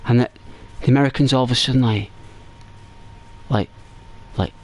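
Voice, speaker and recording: English male streamer, mid-pitched, rambling casual commentary, repeats himself, lively in anecdotes. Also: moderate pace, long pauses. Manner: rambling, chatty, repeats and restarts phrases; gets animated and higher when telling stories. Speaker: gaming streamer.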